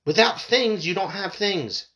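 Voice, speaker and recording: A man's voice: sits high, animated, a little slow, a bit bright, muffled recording. A man hosting a podcast, reading news aloud and breaking into angry, profane rants, stumbling and repeating words when worked up. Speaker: podcast host. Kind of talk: reading and ranting about news articles.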